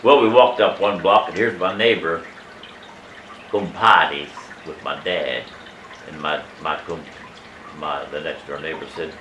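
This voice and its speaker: A man in his eighties telling a family story from his childhood in a casual, animated way, emphatic and salty, chuckling as he goes. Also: deep voice, unhurried, a little hiss or hum. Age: 80s. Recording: echoey room, mic at a distance.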